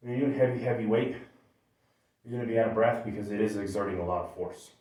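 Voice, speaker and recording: A man's voice: on the low side, quick pace, a little mellow. Out-of-breath man in an echoey gym. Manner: joking, breathy between sets. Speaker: gym vlogger. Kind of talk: casual workout vlog. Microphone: camera from a distance. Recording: echoey room from far off, faint noise.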